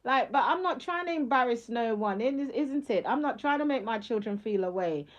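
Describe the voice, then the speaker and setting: A middle-aged woman holds forth on a live stream, her voice sitting fairly high. She talks emphatically, full of street slang, and laughs often as she goes. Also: lively intonation, normal speed, highs cut off. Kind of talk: casual live-stream talk.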